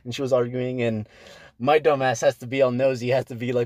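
A man's voice: mid-range voice, fairly even intonation, brisk, a little mellow, dry recording. A young man hosting a podcast, telling stories in casual chat with heavy swearing and lots of fillers. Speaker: podcast host.

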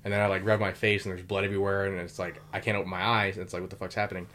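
A man's voice: deep voice, little pitch movement, a bit bright. A young man telling war stories in a casual chat, loose and full of fillers and swearing. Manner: swears a lot, quick and loose with many fillers. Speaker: podcast host telling military stories.

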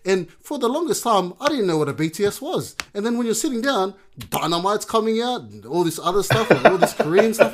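A man's voice: high voice, brisk, few pauses, a little hiss or hum. A man, co-hosting a casual podcast chat and telling stories with playful exaggeration. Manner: animated storyteller, playful exaggeration. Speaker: podcast co-host.

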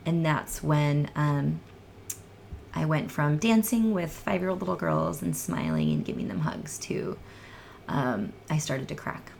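A woman telling her own story as a guest in an emotional, earnest way, sometimes sinking into soft near-whispers. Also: deep voice, sing-song, unhurried, gravelly, slight background noise. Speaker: guest sharing her testimony. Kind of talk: emotional personal testimony in a podcast chat.

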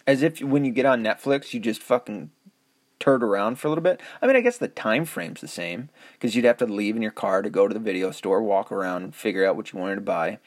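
A man's voice: lowish voice, lively intonation, a little fast, no echo, studio quality. A middle-aged man hosting a podcast, rambling through a casual solo monologue with lots of swearing, chuckles and self-mocking asides. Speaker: podcast host.

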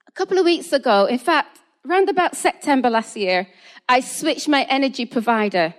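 A woman's voice: high voice, lively intonation, moderate pace. A woman from England preaching a sermon, telling a personal story and acting out both sides of phone calls.

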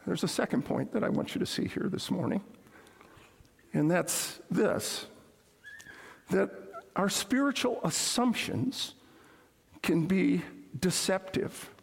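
A man's voice: high-pitched, lively intonation, slow, gravelly, long pauses, slightly rough. A man preaching a sermon as pastor, telling stories and repeating his key points. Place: church sanctuary. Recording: echoey hall with long reverb.

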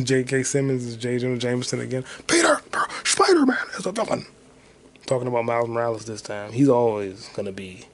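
A man hosting his own podcast solo, rambling casually and profanely while muttering to himself as he searches online. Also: medium pitch. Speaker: podcast host.

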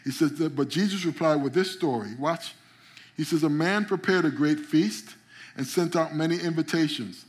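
A man's voice: on the high side, moderate pace. Emphatic man preaching a sermon. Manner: preaching with rising, emphatic builds and call-outs to the congregation; frequent stammered repeats. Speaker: pastor.

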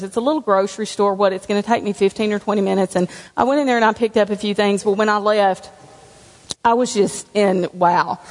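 Woman, church testimony, frank and homespun, slightly high voice, long hall echo. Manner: candid, conversational, with self-deprecating humor. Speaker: church speaker giving testimony. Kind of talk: personal testimony to a congregation. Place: church sanctuary.

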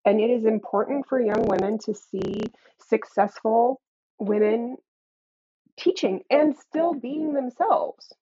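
A woman's voice: on the high side, slow, mellow, husky, highs cut off. A woman math professor being interviewed, talking in a candid, earnest way with wry asides and frequent laughs. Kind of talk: conversational interview.

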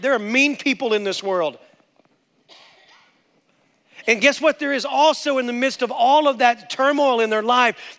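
A man's voice: extremely high pitch, a bit bright. A male pastor preaching a sermon with passion, calling out to the congregation for amens. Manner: impassioned preaching, calls for amen. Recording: long hall reverb.

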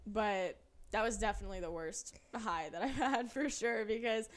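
A woman's voice: mid-range voice, normal speed. A young woman co-hosting a podcast, telling stories in casual, profane chat with lots of energy. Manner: animated, profane storytelling. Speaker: podcast co-host.

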